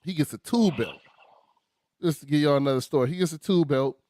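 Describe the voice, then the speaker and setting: A man tells stories in an animated, slangy way, laughing often. His voice sits slightly high for a man. The recording is dry and close. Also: fairly quick, dry recording. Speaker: podcast co-host. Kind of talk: casual storytelling chat.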